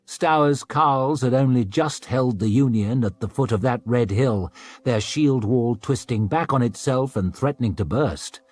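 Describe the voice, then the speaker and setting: A man narrating a dark fantasy audiobook in a dramatic reading style. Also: a little slow, dry recording. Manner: voices characters with raised pitch and volume.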